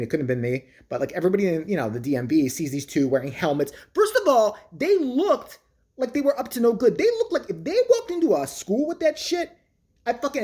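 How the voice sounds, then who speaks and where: Vlogger, profane comedic rant, crude and mocking, lively pitch.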